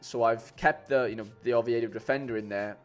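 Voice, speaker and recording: A man chats casually to his live-stream viewers in a middle-pitched voice, rambling with plenty of fillers and restarts. Faint music plays quietly behind him. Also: steady tone, brisk, clear, resonant tone. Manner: chatty, rambling, many fillers and restarts, says "mate" a lot. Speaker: streamer building fantasy football lineups.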